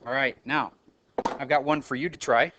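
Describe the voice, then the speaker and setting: A man's voice: mid-range voice, fairly even intonation, moderate pace, noisy background. A man teaching a math review lesson in a classroom, talking casually, correcting himself and calling on students. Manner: casual, self-correcting, calls on students by name.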